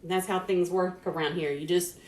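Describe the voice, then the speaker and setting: A woman's voice: lowish voice, fairly even intonation, a little fast. A woman hosting a casual live cooking stream from her home kitchen, chatting along and greeting viewers by name. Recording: echoey kitchen with faint noise.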